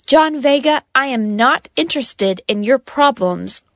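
A woman reading as a loud, protesting cashier. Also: sits high, expressive, unhurried, dry recording, exaggerated voice. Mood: indignant. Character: indignant young female bank cashier. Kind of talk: graded reader story for learners.

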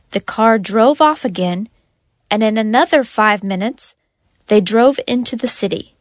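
A woman narrating a story in a measured, even audiobook reading. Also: medium pitch, no echo. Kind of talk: slow, clear audiobook narration.

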